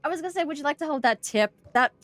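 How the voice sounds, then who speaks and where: A young Australian woman streaming a horror game and chatting casually with her viewers. She is excitable, thinks out loud, and breaks into loud yelling and laughter. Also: high voice, racing, dry recording. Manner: chatty, talks to chat and thinks aloud. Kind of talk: casual live-stream commentary.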